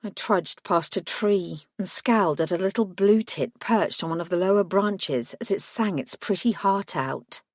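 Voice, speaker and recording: Woman, audiobook narrator, lowish voice, wry, measured, first-person, close studio mic. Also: dry recording.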